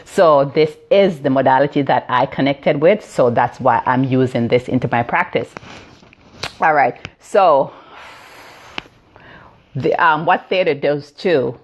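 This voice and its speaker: A woman's voice: rumbling low, a little slow, pauses often, dull audio. A Jamaican woman in her fifties, a healing practitioner explaining ideas on a phone live stream, with many fillers and "right?" check-ins. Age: 50s. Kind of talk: live-stream teaching talk.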